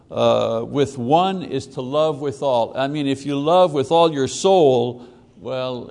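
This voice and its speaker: A man's voice: medium pitch, gravelly, darkish tone. A man teaching a Bible class, explaining step by step, repeating words for emphasis and checking in with his listeners. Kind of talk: classroom lecture. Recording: long reverb of a big room.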